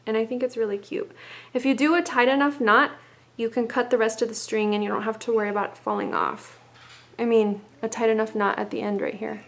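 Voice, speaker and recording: A woman giving a casual hair-wrapping tutorial, chatty and rambling, a little winded with a stuffy nose, muttering to herself as she works. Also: fairly high pitch.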